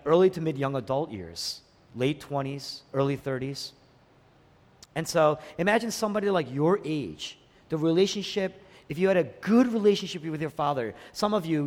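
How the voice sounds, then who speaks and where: Male pastor, fairly high voice, lively sermon delivery, long hall reverb. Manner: emphatic, repeats key phrases, swings from hushed to raised.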